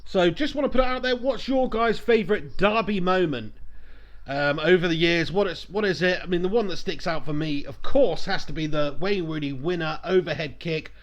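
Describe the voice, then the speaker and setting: Male fan streamer, high-pitched, casual live match commentary, excitable. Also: normal speed, muffled recording. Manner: chatty, excitable, swears at big chances.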